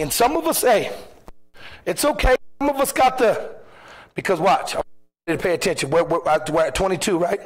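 A man preaching a sermon as pastor in a church, impassioned, firing rhetorical questions and acting out quoted voices. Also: fairly high pitch.

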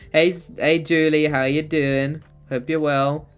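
Streamer, man, rambling and giggly, unhurried delivery, light music in the background. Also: on the high side, level tone, clear, resonant tone. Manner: rambling, giggly, chatting to viewers. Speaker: game streamer. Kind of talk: casual live-stream chat while playing.

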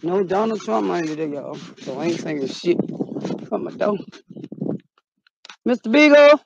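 A man vlogging outdoors in a loud, dramatic comic style, often yelping and shouting. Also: a little high, expressive, moderate pace, creaky, muffled recording, a little hiss or hum. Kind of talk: comedic outdoor vlog.

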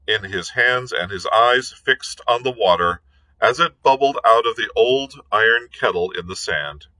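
A male librarian reading a novel aloud in a measured, even storytelling manner. His lowish voice sounds bright and forceful, and he takes his time. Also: rough recording. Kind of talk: read-aloud narration.

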